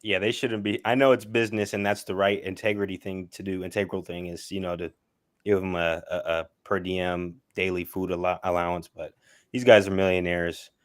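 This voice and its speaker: Low-voiced rambling caller. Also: male voice, flat delivery, brisk, dry recording. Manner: rambling, stumbling, eager. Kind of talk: phone-in chat.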